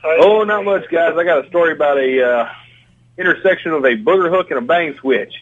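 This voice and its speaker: A man's voice: on the high side, a little fast, a crowd in the background. A man calling into a talk radio show and telling a story in a chatty way, laughing easily. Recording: tinny phone line.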